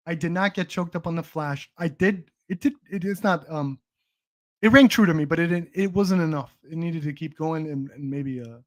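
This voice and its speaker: Rambling young man chatting on a stream. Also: on the high side. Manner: rambling, restarts, swears, laughs often. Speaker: stream host. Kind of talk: casual livestream chat.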